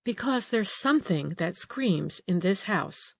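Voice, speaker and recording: A woman's voice: medium pitch, expressive, unhurried, creaky, no echo, clean studio sound. A woman reading an audiobook, voicing an old female housekeeper who grumbles, frets and takes offence easily. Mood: fretful.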